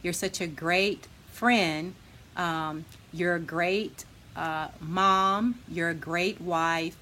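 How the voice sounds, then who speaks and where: A woman's voice: fairly low pitch, steady tone, very slow, a little hiss or hum. A woman giving a gushing, heartfelt birthday tribute to a friend. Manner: warm, gushing praise. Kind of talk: heartfelt recorded message.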